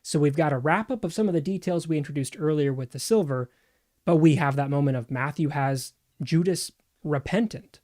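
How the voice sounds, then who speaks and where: Fairly high-voiced man, measured. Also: a little mellow. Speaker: co-host. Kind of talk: casual discussion and scripture reading.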